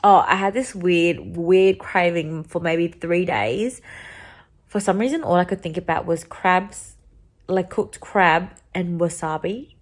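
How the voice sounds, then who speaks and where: A woman's voice: fairly low pitch, slow pace. A young woman talking casually to a handheld camera, rambling and chatty, full of "like" and "um". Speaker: vlogger.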